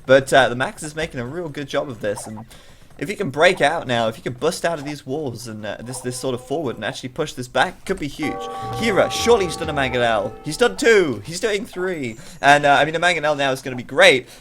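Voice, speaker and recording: A man calls a strategy video game live in a voice that sits a bit high. He is chatty and excitable and drifts into jokey asides while the fight builds. Soft game music plays underneath. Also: brisk. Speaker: game commentator.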